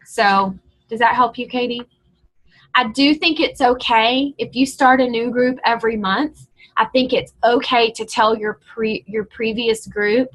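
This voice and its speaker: Lady coaching her team on a call, high bright voice, chatty and encouraging. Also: fairly even intonation, unhurried, low-quality recording.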